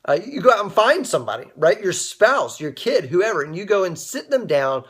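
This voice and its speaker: A man's voice: high voice, sing-song, a little fast, a bit bright, slightly rough. A young man hosting a casual inspirational livestream, telling a personal story and greeting viewers by name as they join. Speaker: livestream host.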